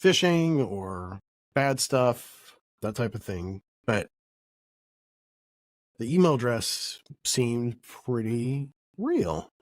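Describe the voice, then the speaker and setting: A man's voice: mid-range voice, dry recording. Middle-aged male host, casual storyteller, rambling and jokey, dry close sound. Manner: rambling, self-correcting, jokey. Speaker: podcast host.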